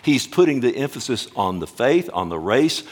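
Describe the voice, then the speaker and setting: A man preaching a sermon emphatically, often slowing down to stress words and calling out to his listeners directly. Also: medium pitch, big pitch swings. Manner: emphatic, swings between loud and hushed, addresses the congregation directly. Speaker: pastor.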